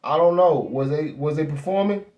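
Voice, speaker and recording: A male show host ranting in a casual, profane style, blunt and rambling with heavy slang, and saying he is high. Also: normal speed, darkish tone.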